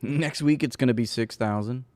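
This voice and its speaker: A man hosts a casual political commentary show, sarcastic and mocking, sometimes laughing at his own jokes. His voice is medium-pitched and darkish at a normal speed, with a little hiss or hum in the recording.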